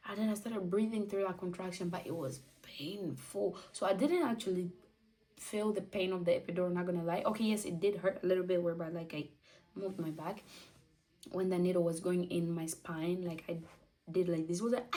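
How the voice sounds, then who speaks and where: A young woman in her twenties tells a personal story in a casual, animated way. She acts out what others said and sometimes drops to a near whisper. Her voice is mellow and sits a little back from the mic. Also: fairly low pitch, brisk, far from the mic. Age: 20s. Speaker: vlogger.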